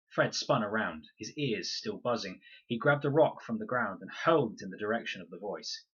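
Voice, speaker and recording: A man reads a children's novel aloud in measured, expressive storybook narration. His voice is low and very husky, yet bright and forceful in tone. The recording sounds dull and lo-fi. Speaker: reader.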